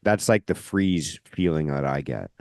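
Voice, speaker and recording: A man hosting a casual podcast conversation, rambling with lots of filler words and a loud, forceful voice that can sound like yelling. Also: extremely low pitch, expressive, unhurried, creaky, slight background noise. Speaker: podcast host.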